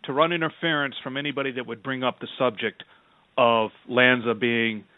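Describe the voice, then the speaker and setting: A man's voice: medium pitch, steady tone, normal speed, dry recording. A man hosting a radio talk show, speaking in an emphatic, indignant way. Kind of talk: radio interview. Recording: tinny phone-like audio.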